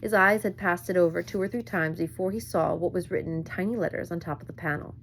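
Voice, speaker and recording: A woman reading a novel aloud at a measured pace, with occasional small slips. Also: on the low side, a bit bright, slight background noise. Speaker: reader.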